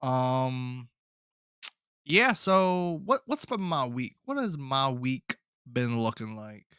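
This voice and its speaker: A man's voice: medium pitch, big pitch swings, slow, sharp tone, clear, resonant tone, no room sound, clean studio sound. A man hosting his own podcast, talking to listeners in a loose, rambling way and calling them folks. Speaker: podcast host. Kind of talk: casual solo podcast chat.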